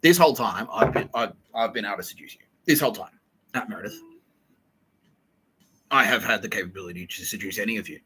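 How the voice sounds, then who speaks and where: A man hosting a podcast, telling a rambling, profane monologue that swings between loud outbursts and low muttering. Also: fast talker, long pauses, a little hiss or hum, low-quality recording. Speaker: podcast host.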